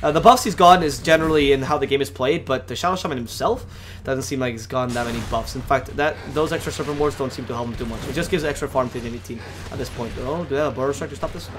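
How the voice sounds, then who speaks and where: A man casting an esports match alone, talking fast, correcting himself often and getting louder in fights. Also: medium pitch, a little hiss or hum. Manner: fast, self-correcting, rising to excited shouts in fights. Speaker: esports caster. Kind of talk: solo game commentary.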